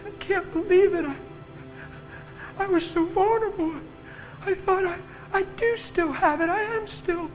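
A distraught middle-aged woman breaks down in high, quavering sobs, as a male preacher puts her on. Music plays under the voice. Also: fairly even intonation, extremely slow, fairly bright tone, heavily acted, rough recording. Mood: pleading. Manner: high, breathy, sobbing.

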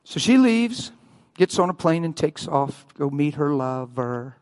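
A man preaching a sermon as a pastor, telling a story and acting out the quotes with loud cries. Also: big pitch swings, unhurried. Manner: acts out quotes, shouting and wailing at high peaks. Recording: long hall reverb.

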